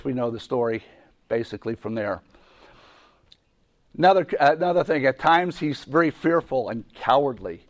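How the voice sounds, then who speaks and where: A man teaching a Bible lesson in a conversational way, often repeating himself and restarting sentences. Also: mid-range voice. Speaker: preacher.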